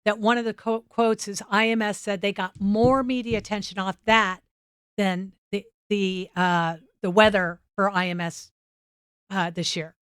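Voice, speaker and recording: A woman's voice: medium pitch, unhurried, smooth, dry recording, studio quality. A woman guest on a motorsports podcast, chatting casually and acting out the people in her stories. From United States. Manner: animated, acts out quoted dialogue. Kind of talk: casual storytelling interview. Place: studio set.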